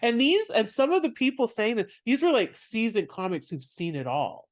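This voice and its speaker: A podcast host telling stories in casual chat, chatty and quick to laugh. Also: mid-range voice, very animated. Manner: chatty, storytelling, laughs often.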